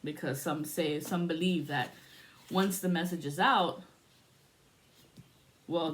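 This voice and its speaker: Lady doing a casual psychic reading, swears a lot, laughs, kinda low voice. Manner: profane, laughing, chatty; invoking spirits in prayer. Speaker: spiritual reader.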